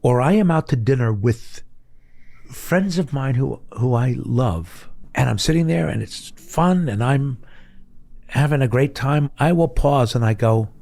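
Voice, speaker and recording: A man, a character actor, telling stories as a guest in a casual podcast interview, animated and excitable. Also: mid-range voice, unhurried, vocal fry, no room sound. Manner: animated storyteller, excitable and expressive.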